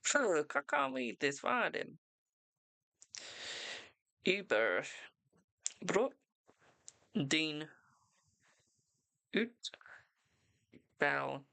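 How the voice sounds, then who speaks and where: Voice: mid-range voice, very animated, drawn-out words, vocal fry, pauses often, sharp tone, dry recording. A tarot reader hosting a casual live stream, chatty and self-mocking, swearing freely.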